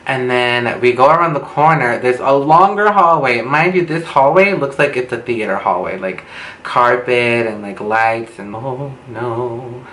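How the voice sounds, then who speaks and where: A man's voice: mid-range voice, animated, measured pace, fairly bright tone. A young man telling a casual storytime in a dramatic, gossipy, profane way, recorded on a camera mic at home. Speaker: beauty vlogger. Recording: roomy with faint background noise.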